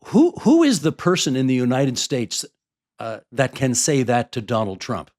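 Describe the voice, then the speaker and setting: A man hosting a podcast who sets up his questions in a measured way, with the odd filler. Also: mid-range voice, wildly swooping pitch, a little mellow. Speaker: podcast host. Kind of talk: conversational podcast interview.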